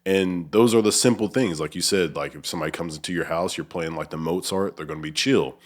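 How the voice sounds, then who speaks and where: Low-voiced male host, loose and rambling; casual chat in a small room. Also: fast talker. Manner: rambling, filler-heavy, searching for words. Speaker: podcast host. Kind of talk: casual conversation. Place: small untreated room with echoing walls.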